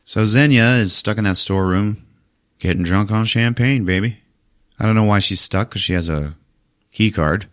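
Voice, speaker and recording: A podcast host with a fairly low voice recaps a movie in casual chat at a moderate pace. He's animated, swears freely, and acts out the characters' lines.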